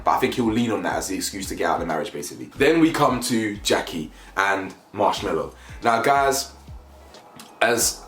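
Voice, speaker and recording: Opinionated man. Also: lowish voice. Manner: animated, opinionated, repeats phrases, frequent "you know what I'm saying". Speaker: reality TV reviewer. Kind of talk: casual opinionated commentary. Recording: echoey room with faint music.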